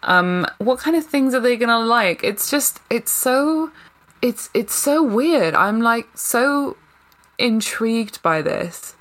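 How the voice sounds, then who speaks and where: A woman chatting casually as a podcast co-host, animated and laughing often. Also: fairly high pitch, takes it slowly. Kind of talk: casual chat.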